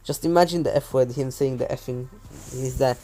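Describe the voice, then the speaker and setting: A man's voice: medium pitch, brisk, mellow. A man improvising a fan fiction story as narrator, rambling with many fillers and restarts. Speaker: channel host, storyteller.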